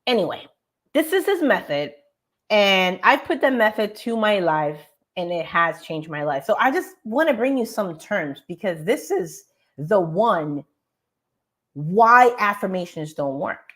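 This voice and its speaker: A woman hosting a morning show, giving an emphatic, animated motivational talk over slides and speaking straight to her audience. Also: mid-range voice, measured pace. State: tired.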